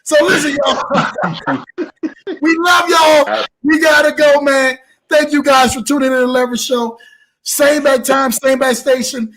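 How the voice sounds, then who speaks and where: A man hosting a live show, talking in an animated, preacher-like way and blessing his audience. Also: very high-pitched, measured pace, shouting, poor audio. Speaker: show host. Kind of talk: exuberant live show wrap-up.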